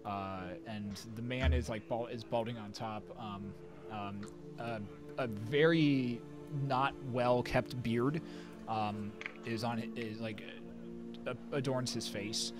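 A man's voice: medium pitch, steady tone, slow pace. Rambling male game master over music. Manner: rambling, filler-heavy narration with many restarts. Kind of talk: narrating a tabletop game. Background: background music.

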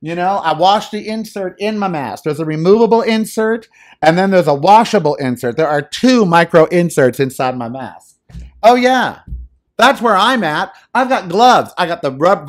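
A man hosting a podcast, giving a casual, animated and theatrical monologue into a microphone at home. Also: high-pitched, normal speed. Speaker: podcast host. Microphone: studio microphone.

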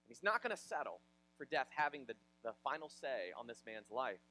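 A male pastor from Ohio, preaching a sermon in an animated, conversational way with personal stories. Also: medium pitch, fairly quick, low-quality recording. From Ohio, USA.

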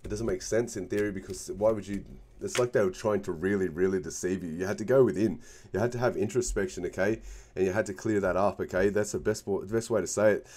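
A man's voice: low-pitched, fast talker, darkish tone. A man giving a casual tarot card reading, emphatic and constantly checking in with the listener. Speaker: tarot reader.

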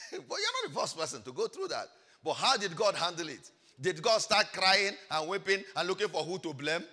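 A man preaching a sermon as pastor, swinging between hushed asides and loud, shouted exhortation. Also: fairly high pitch. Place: large church hall. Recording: church hall reverb.

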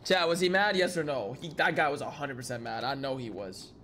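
A man's voice: medium pitch, brisk, pushed and bright, a little hiss or hum. A man role-playing a police officer in a game, repeating short, clipped commands over and over. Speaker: streamer playing a cop.

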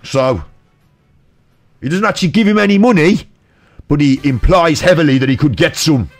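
A man with a broad West Midlands accent rambles through a comic retelling of a film, slipping into daft voices for the characters. His voice sits a little on the high side. Soft music plays faintly behind him. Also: expressive, moderate pace. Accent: West Midlands English. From England. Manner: rambling, jumps into silly quoted voices. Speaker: streamer.

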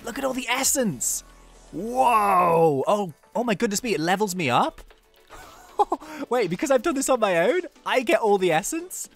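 A young man narrating his own gameplay with big swings of feeling, from mock despair to loud cheering. His pitch leaps around in a lively, animated way, with faint music under his voice. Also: moderate pace. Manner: excitable, talks to himself, dramatic groans and cheers. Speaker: gaming channel host. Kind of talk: gameplay commentary.

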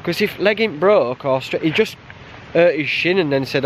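A man chatting casually while hiking a mountain trail, blunt and quick to laugh. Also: fairly high pitch, lively intonation, a little hiss or hum. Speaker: hiker vlogger. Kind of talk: casual outdoor vlog chat.

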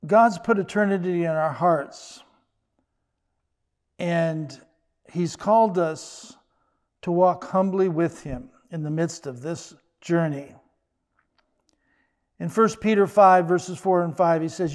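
An older man, a pastor, preaching a sermon in a conversational way with joking asides and quick restarts. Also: on the high side.

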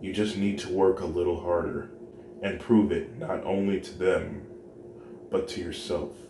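A man reading the lines of a gentle, caring mother, speaking softly and reassuringly in his own voice. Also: low-pitched, fairly even intonation, unhurried, recorded from a distance. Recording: roomy home recording with noise.

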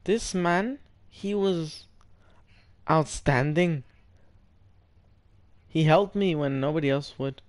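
A man's voice: fairly high pitch, takes it slowly, pauses often, no room sound. A young man in game voice chat, telling mock-serious tall tales and playfully trolling a stranger while he plays, stretching out the other player's name. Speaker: gamer.

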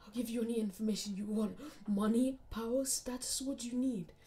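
A woman's voice: fairly high pitch, a little fast, warm tone, close to an everyday voice. A woman voicing a greedy scheming businessman. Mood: pleading.

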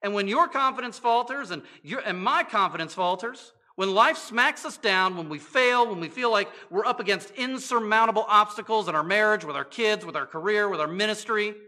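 A man's voice: high voice, brisk, few pauses, sharp tone. A male pastor preaching a sermon in a church, talking to the congregation in a conversational way with rhetorical questions and playful asides.

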